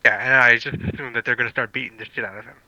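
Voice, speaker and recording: A man's voice: medium pitch, fairly even intonation, racing, sharp tone, dry recording, dull audio. A man playing a tabletop game, brash and profane. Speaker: player. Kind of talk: tabletop role-play.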